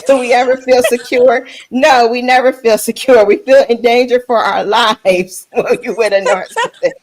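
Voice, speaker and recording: Brief: woman host of a live panel chat, slightly high voice, frank and quick to laugh. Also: fairly even intonation. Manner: frank, laughs often while talking.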